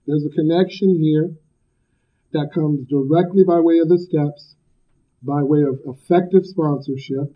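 Brief: blunt, emphatic man, slightly high voice, giving a recovery talk; loud, joking; dull lo-fi recording. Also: fairly even intonation, normal speed. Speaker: speaker at a recovery meeting.

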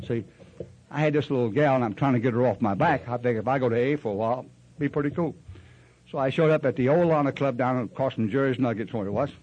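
A man's voice: medium pitch, fast, a little mellow, slightly rough, highs cut off. An older man sharing his story at a recovery meeting in a rambling, folksy way, acting out other people's voices. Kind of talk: storytelling share.

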